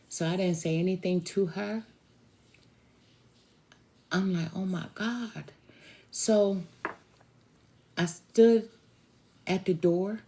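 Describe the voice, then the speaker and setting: A tarot reader, a woman, tells a personal story to her viewers in a slow, drawn-out conversational way. Her voice sits a little low, with a gravelly fry and a mellow, dark color.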